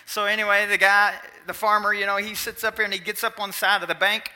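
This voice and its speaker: Folksy preacher, high bright voice. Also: male voice, little pitch movement, fast. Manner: folksy, chatty, with audience asides. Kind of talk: sermon storytelling.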